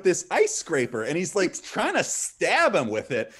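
A man's voice: a little high, huge pitch swings, unhurried, fairly bright tone, husky. Rambling middle-aged man telling stories. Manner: rambling, heavy use of "like", restarts mid-sentence. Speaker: stream co-host. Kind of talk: casual storytelling chat.

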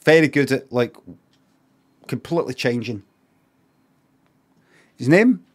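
A man's voice: medium pitch, animated, takes it slowly, breathy edge. A man with a Scottish accent chatting casually on a live stream, rambling and swearing, with sarcastic asides.

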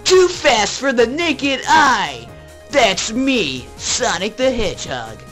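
A boastful cartoon hedgehog hero, a cocky young male who stretches out his bragging slowly, as a video host puts him on. his voice is bright and a bit raised, and faint music plays underneath. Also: mid-range voice, very animated. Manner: boastful, slow, drawn-out.

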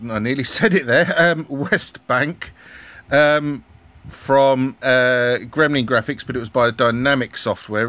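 A man's voice: mid-range voice, a bit bright. Rambling middle-aged man. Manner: rambling, hesitant, many ums, asks viewers questions. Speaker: retro gaming YouTuber. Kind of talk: casual commentary flipping through a magazine.

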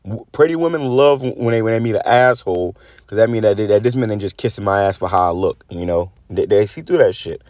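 A man's voice: lowish voice, fairly quick, a little mellow, no room sound. A man preaching bluntly and profanely, reading scripture aloud and then commenting on it, often repeating words as he restarts. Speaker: religious channel host. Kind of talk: preaching rant.

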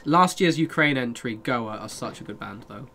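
Bright-voiced streamer, sweary. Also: male voice, mid-range voice, lively intonation, moderate pace, a little hiss or hum. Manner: chatty, sweary, reads and answers chat. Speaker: game streamer. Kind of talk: casual live-stream chat with viewers.

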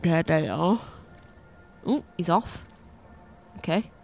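A fairly low, darkish female voice with vocal fry speaks slowly over soft music. She's a game streamer doing a let's play of a title she hasn't played before, giggling often and getting spooked into nervous little cries.

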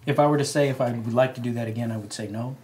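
A man co-hosting a casual taste-test video, joking in a dry, deadpan way. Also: medium pitch, very fast. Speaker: co-host. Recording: noisy background hiss.

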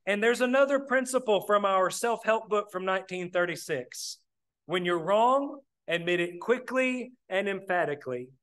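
A man's voice: high voice, expressive, normal speed, fairly bright tone. A man preaching a sermon, plainspoken, often calling his listeners "brethren". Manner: plainspoken, addresses the congregation as brethren.

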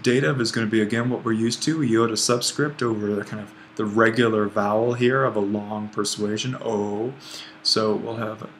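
Relaxed man teaching grammar, lowish voice. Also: moderate pace, slight background noise. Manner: relaxed, thinking aloud while writing, self-correcting. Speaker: Greek language instructor. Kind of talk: screencast grammar lesson.

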